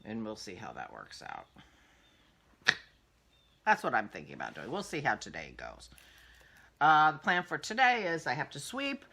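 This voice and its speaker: Older woman, casual vlog host, rambling chat, animated, bright voice. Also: extremely low pitch, normal speed, gravelly, pauses often. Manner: rambling, chatty, thinking aloud. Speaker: podcast host.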